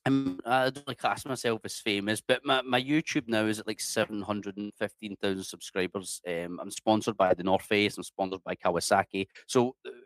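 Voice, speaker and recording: A man's voice: fairly low pitch, a little fast, hardly any pauses, dry recording. Sweary man telling stories. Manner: swears freely, animated, many restarts. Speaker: guest. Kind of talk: casual storytelling interview.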